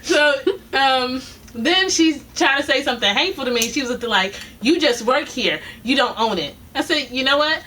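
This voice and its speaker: A woman tells a story in a casual, animated way, putting on both voices of a spat and breaking into laughs. Her voice is bright and a little high. She sits back from the mic, with a faint hiss behind her. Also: moderate pace. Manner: animated, quoting both sides, laughing often. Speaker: vlogger telling a work story. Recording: distant mic with faint noise.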